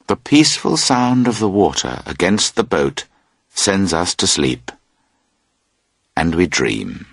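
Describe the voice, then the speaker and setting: Slow husky male storybook narrator. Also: sits low, very animated, no room sound. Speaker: audiobook narrator. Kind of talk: scripted narration of a graded reader.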